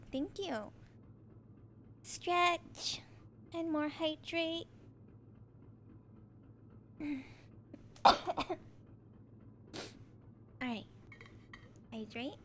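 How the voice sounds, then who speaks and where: Young woman streamer, giggly and excitable, high bright voice, unhurried. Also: noisy background. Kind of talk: live game stream chat.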